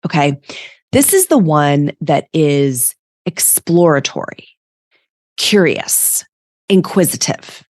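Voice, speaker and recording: A woman's voice: low voice, very animated, slow, long pauses, darkish tone, no room sound, studio quality. A woman hosting a reflective self-help podcast as a coach, talking conversationally and often checking in with "right?".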